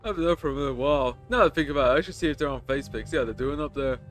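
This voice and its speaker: A game streamer reading the lines of a chatty, rough male stranger on a bus, telling crude stories in a rambling way. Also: medium pitch, rapid-fire, faint music behind, natural voice.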